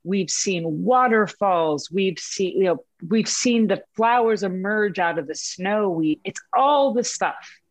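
A woman's voice: medium pitch, animated, slow pace, dry recording. A woman in her thirties telling a personal story in a candid, self-mocking way, swearing mildly and acting out what people said. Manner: acts out voices in vivid quoted asides. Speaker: mother sharing a story with a group. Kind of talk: casual storytelling.

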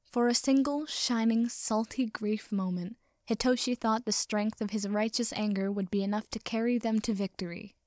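A woman narrating fan fiction aloud in a measured, even storytelling voice. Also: on the high side, no room sound, studio quality.

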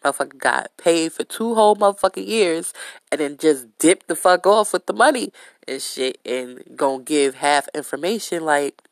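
A woman hosting a podcast, telling a story in a casual, blunt way with heavy swearing and lively retelling. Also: low voice, normal speed, gravelly, no room sound. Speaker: podcast host.

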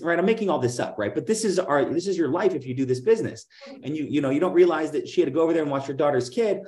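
A man's voice: fairly high pitch, fast talker, echoey room. Chatty man telling sales stories animatedly. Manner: animated, acts out dialogue in other voices; many fillers like "like" and "right?". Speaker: guest, insurance agency owner. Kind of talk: casual interview, storytelling.

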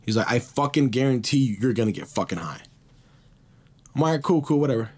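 A man's voice: mid-range voice, lively intonation, a little fast, a little mellow, slightly rough. A man hosting a podcast, telling a rambling, slang-heavy story full of swearing. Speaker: podcast host. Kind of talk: casual storytelling.

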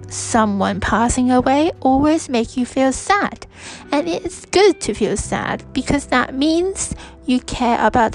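A young woman from Hong Kong talks through a personal reflection in a soft, hesitant way, often stopping and restarting. Her voice sits a little high and she speaks slowly. Faint music plays underneath. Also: low-quality recording. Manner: soft-spoken, hesitant, with frequent restarts and fillers. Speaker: podcast host.

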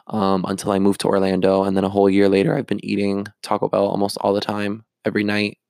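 Young man, low gravelly voice, dry close sound, confessional vlogger, rambling and open. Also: darkish tone, no room sound. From Florida. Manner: candid, rambling, with many fillers and restarts. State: close to tears at moments. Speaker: actor and vlogger. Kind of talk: confessional vlog monologue.

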